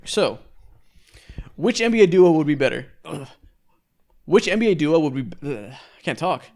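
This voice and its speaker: A man's voice: fairly high pitch, big pitch swings, a little mellow. A young man co-hosting a casual sports podcast, joking and running a quiz game. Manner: joking, quick banter.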